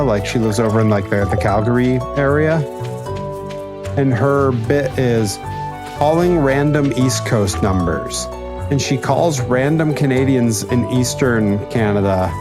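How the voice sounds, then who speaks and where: A young man streaming a co-op game, telling stories in a chatty way and slipping into mimicked voices. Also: medium pitch. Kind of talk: casual chat while gaming. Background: game music.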